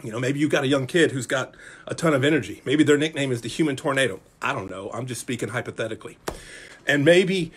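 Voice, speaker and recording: Animated husky-voiced pastor preaching. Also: male voice, mid-range voice, fast. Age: 40s. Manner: animated, acts out characters and jokes with the room. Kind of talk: Bible study sermon. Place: church.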